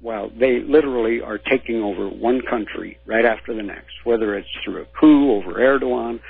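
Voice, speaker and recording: A man's voice: medium pitch, moderate pace, creaky, breathy edge. A male caller on a radio call-in show, lecturing at length on history over the phone. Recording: phone line.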